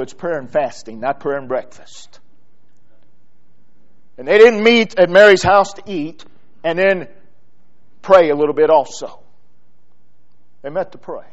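A male preacher delivers a sermon in a church, his voice sitting high for a man. He takes his time, stretching phrases out slowly, and swells from hushed lines into loud, insistent repetition. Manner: builds from quiet, drawn-out phrases to loud, emphatic repetition.

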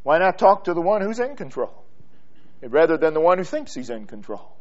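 A man preaching a sermon in a church, building from quiet, drawn-out phrases to loud, emphatic repetition. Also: a little high, big pitch swings, muffled recording.

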